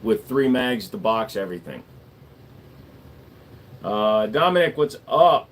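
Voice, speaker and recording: A man's voice: lowish voice, big pitch swings, a little hiss or hum. A man, a gunsmith, answering viewers in a casual livestream chat, laid-back and wisecracking, dragging out the ends of his words. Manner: laid-back, wisecracking, drawn-out word endings.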